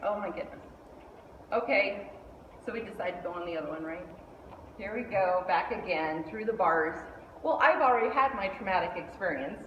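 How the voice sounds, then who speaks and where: A middle-aged woman giving a lively storytelling speech, acting out the voices of the people in her story. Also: on the low side, recorded from a distance, muffled recording, noisy background. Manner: animated, acts out quoted voices. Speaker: speaker at a speech club. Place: meeting hall indoors. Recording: echoey hall, mic from afar.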